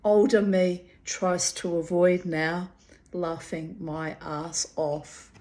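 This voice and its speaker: A woman reading her old diary entries aloud and breaking off into animated, laughing, rambling asides. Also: fairly low pitch, takes it slowly, rough recording. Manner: animated, laughing, digressive storyteller.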